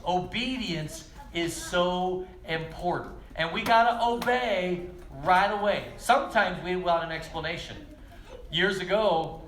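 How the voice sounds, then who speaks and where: A man teaching children at church, telling stories lively and speaking straight to the kids. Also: a little high, a little hiss or hum. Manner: lively, storytelling, addresses kids directly. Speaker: children's pastor. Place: church kids' room. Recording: echoey room with faint ambience.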